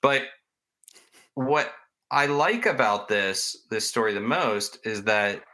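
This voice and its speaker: A man's voice: on the low side, expressive, slow pace, pushed and bright. A man hosting a podcast, casually telling ghost stories in a chatty, rambling way and poking fun at himself. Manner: chatty, rambling, self-mocking. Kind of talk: casual storytelling chat.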